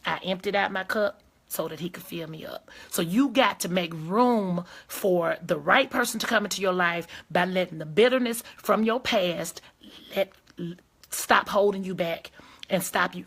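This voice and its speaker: A woman hosts a casual live-stream advice talk, speaking straight to her viewers. Her voice is bright and ringing, and she drives her points home with emphatic, preachy conviction. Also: on the low side, moderate pace, vocal fry. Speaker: host of a live advice video, lawyer and judge.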